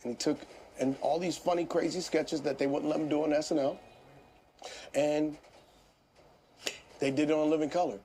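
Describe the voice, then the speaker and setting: A man in his fifties, a comedian guest telling stories in a casual interview, animated, laughing often and swearing freely. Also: on the high side, moderate pace, pauses often, a little hiss or hum.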